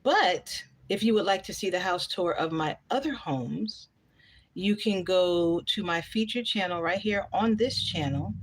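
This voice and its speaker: A woman's voice: fairly low pitch, a little slow. A woman, chatting casually on a live stream, reading out viewer comments and answering them bluntly.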